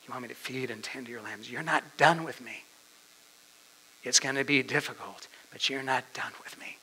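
A man's voice: mid-range voice, normal speed, bright, forceful tone, slightly rough, exaggerated voice, poor audio. A man playing an impulsive, boastful fisherman apostle who protests insistently, within a sermon. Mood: pleading.

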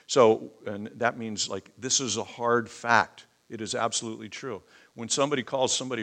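A man's voice: medium pitch, moderate pace, a bit bright. A man preaching a conversational sermon, teaching from scripture with sudden emphatic outbursts.

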